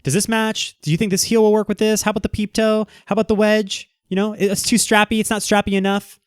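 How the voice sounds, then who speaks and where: A man's voice: sits high, level tone, clear, resonant tone, dry recording, clean studio sound, pitched above the performer's own voice, close to an everyday voice. A man mimicking a fussy woman shopper. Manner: fussy rapid questions, raised voice.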